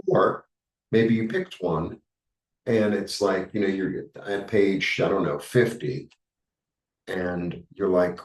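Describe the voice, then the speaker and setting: A man with a New York accent giving a rambling, halting tarot reading, full of fillers. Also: sits low, animated, roomy sound, far from the mic, low-quality recording. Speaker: tarot reader. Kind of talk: casual spiritual monologue.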